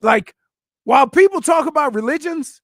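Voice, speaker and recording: A man's voice: very high-pitched, expressive, normal speed. A man co-hosting a radio show, explaining history earnestly in casual banter.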